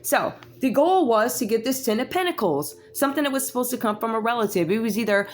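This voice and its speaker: A woman's voice: mid-range voice, normal speed, long pauses, slight background noise. A woman, giving a casual tarot reading with sassy, chatty asides to her viewers. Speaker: tarot reader.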